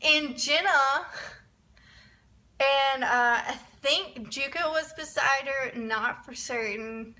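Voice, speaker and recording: A young woman telling a rambling, excitable story in a casual vlog, often restarting her sentences. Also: sits high, slow. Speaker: vlogger.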